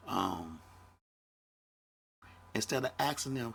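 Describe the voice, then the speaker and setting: A man's voice: on the low side, animated, slow pace, creaky, long pauses, a bit bright, slight background noise. A man in his fifties, a podcast host, talking bluntly in a casual monologue and swearing freely. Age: 50s. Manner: blunt, profane, conversational.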